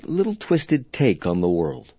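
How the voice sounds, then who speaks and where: Male talk-radio host, low and dry, asks stumbling curious questions. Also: wildly swooping pitch, unhurried, mellow, husky, no echo, muffled recording. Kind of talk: radio interview.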